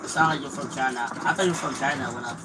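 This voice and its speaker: A young man streaming a game, mocking and taunting in loud, profane bursts. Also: mid-range voice, very fast, over loud music, poor audio. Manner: yells in bursts. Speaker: gaming streamer. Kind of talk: livestream gaming trash talk. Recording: clear background noise.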